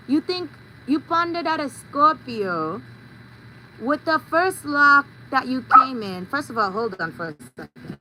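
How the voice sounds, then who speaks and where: Bright-voiced woman rambling playfully. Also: sits high, unhurried, slight background noise, low-quality recording. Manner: playful, animated storytelling with sound effects. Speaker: vlogger. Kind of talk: casual rambling monologue.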